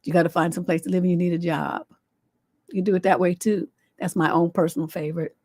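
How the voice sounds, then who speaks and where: On her livestream advice show, a relationship coach gives blunt, sassy counsel and swears without restraint. She talks fast in a lowish, level voice that is a little mellow and slightly rough, with no room sound.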